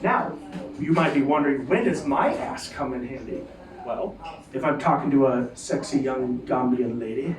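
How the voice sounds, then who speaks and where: A man doing a rambling stand-up set at a comedy night, with lots of restarts and asides. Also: fairly high pitch. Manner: rambling, loose delivery with many restarts and asides. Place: comedy club stage. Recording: echoey room heard from a distance, with a crowd.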